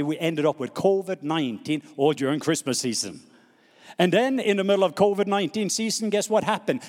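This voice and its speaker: Male pastor, Norwegian accent, slightly raised pitch, lively sermon delivery, long hall echo. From Norway. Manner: animated preaching with call-and-response prompts.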